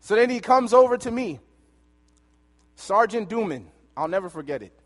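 A man preaching a sermon, telling a personal story and swinging between loud and hushed delivery. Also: high voice, lively intonation, moderate pace. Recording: long hall reverb.

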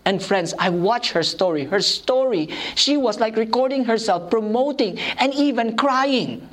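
A woman delivers a sermon through personal anecdotes. She is animated and pokes fun at herself, breaking into laughter often before turning back to her message. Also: on the high side, unhurried. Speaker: preacher.

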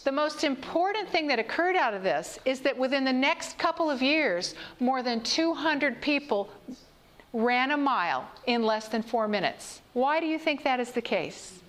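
A high-pitched woman speaking to a congregation in a sermon-style talk. She tells stories and asks her listeners questions. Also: animated, moderate pace, a bit bright. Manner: storytelling, asks the audience questions.

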